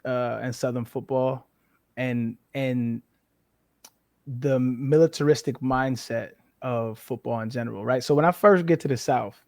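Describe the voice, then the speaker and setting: A man in his thirties from the western United States, a former football player speaking as a guest, telling candid, animated stories laced with profanity. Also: medium pitch, measured pace, no echo, clean studio sound. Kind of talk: casual conversational interview.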